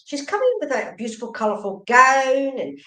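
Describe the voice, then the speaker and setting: Lady medium doing live readings, quick chatty talk, echoey room. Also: sits high, animated, bright, forceful tone. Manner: fast, chatty, repeats okay and right. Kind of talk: live-stream psychic reading.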